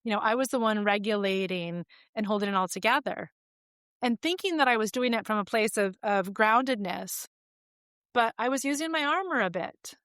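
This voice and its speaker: A woman's voice: mid-range voice, moderate pace, fairly bright tone, dry recording, studio quality. A woman in her forties, a podcast guest telling personal stories in a candid, reflective, conversational way with frequent fillers.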